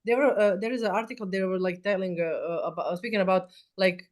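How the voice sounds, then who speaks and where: A woman's voice: medium pitch, quick pace. A woman hosting a podcast, speaking hesitantly with many fillers. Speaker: podcast host. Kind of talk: casual conversational podcast talk.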